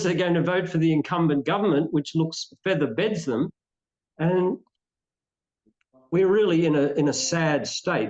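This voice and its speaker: A man's voice: medium pitch, a little mellow, highs cut off. An Australian man giving opinionated answers in an interview, rambling and restarting his sentences often. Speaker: interview guest. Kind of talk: conversational interview.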